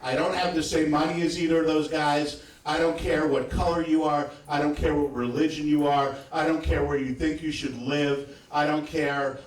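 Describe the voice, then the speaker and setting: A man's voice: a little high, flat delivery, moderate pace, few pauses. A man doing a live stand-up set, telling profane stories with frequent asides to the crowd. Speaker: stand-up comedian. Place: comedy club stage. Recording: echoey club sound from a distant mic.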